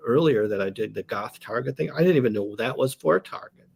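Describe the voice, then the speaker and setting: Male comedian guest, gravelly tone, chatty meandering storyteller. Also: medium pitch, animated, fairly quick. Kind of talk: casual interview chat.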